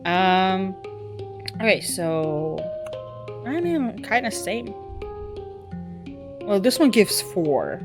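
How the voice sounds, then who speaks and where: A young woman streaming a game, chatting casually and excitably, swearing and laughing often. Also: medium pitch, extremely slow, pauses often, over music. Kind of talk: casual gameplay chat.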